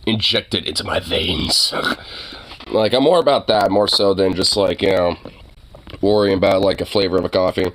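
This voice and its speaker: Casting: young male streamer, low-pitched, loose rambling chat packed with fillers and cursing. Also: fairly even intonation, moderate pace, long pauses, slight background noise. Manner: rambling, many fillers, swears casually. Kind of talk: casual livestream chat.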